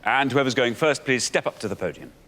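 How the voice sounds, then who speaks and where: A man's voice: mid-range voice, brisk, loud music behind the voice. A man hosting a quiz show, announcing with playful, theatrical energy. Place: TV studio with audience.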